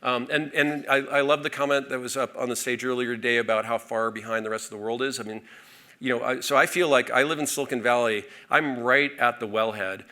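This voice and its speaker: A man giving a conference keynote from a stage, energetic and full of fillers and restarts. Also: medium pitch, brisk. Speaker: keynote speaker.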